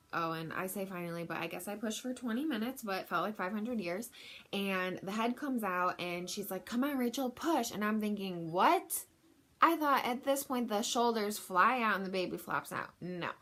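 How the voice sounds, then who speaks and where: A woman's voice: medium pitch, normal speed, a bit bright. A young woman telling a personal story in a frank, chatty way, with lots of fillers. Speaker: vlogger.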